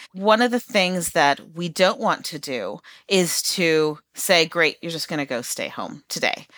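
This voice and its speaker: A woman's voice: lowish voice, dry recording. A middle-aged woman, a former teacher, giving parenting advice in an interview and acting out little scenes of parent and child. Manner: animated, acts out parent and child voices. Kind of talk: interview answers.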